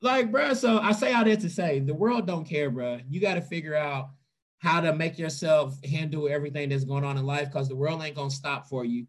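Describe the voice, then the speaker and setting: A blunt, slangy woman tells a story in casual conversation. She acts out each quote with big leaps in her voice, jumping high for her own lines and dropping low for the other person's. She swears freely. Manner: animated, acts out quotes with big pitch swings.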